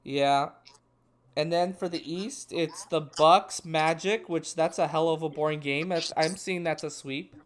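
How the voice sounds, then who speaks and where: A man's voice: on the high side, steady tone, a little slow. A young man co-hosting a casual sports chat, rambling and restarting his thoughts mid-sentence. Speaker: podcast co-host.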